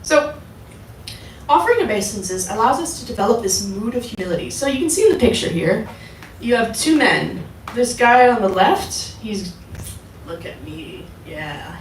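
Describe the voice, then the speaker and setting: A woman's voice: medium pitch, slight background noise. A woman giving a casual devotional talk to a group, asking her listeners questions as she goes. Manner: conversational, asks the audience questions. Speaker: devotional class speaker. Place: temple hall. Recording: echoey hall, voice from far off.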